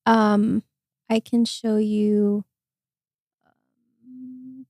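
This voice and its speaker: A woman's voice: a little high, little pitch movement, drawn-out words, a little mellow, no room sound, studio quality. A young woman hosting a casual interview podcast, encouraging her guest, with many "um" and "like" fillers. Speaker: podcast host.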